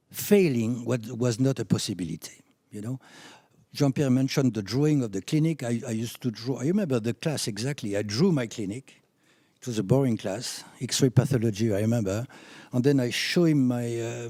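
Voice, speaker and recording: French guy in his 70s telling old clinic stories, gets animated and laughs, warm low-key voice. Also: no echo. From France. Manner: animated anecdotes with laughs, rising when excited. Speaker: chiropractor speaking at a conference. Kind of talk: storytelling talk.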